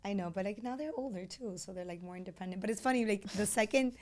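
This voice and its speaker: A woman's voice: mid-range voice, fast. A woman in her thirties from Latin America co-hosts a casual podcast chat. She tells stories animatedly, leaning on fillers and acting out quoted lines. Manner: animated storytelling, many fillers, acts out voices. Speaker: podcast co-host.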